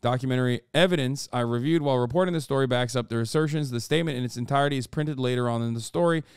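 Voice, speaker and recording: A man with a smooth, resonant voice reads an article aloud and keeps cutting in with profane, disbelieving asides. The sound is dry and close, with no room around it. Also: medium pitch, racing, no echo. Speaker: streamer and commentator. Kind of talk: casual reaction commentary, reading an article aloud.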